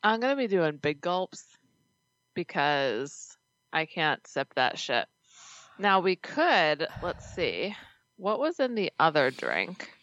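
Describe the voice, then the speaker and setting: A woman co-hosts a podcast in blunt, joking chat, cursing offhandedly as she talks. Her lowish voice moves around a lot in pitch. The audio is dry and a little dull, as from a remote setup. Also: very animated, slow, fairly bright tone, dry recording. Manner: blunt and joking, swears casually. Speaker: podcast co-host. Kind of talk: casual chat.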